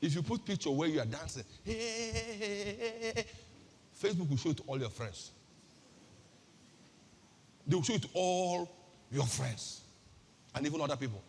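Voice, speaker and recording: A woman's voice: low-pitched, animated, fairly quick, pauses often, warm tone, big-room sound, slight background noise. A woman pastor with a Nigerian accent giving an emphatic sermon-style talk, firing off rhetorical questions and repeating her key phrases.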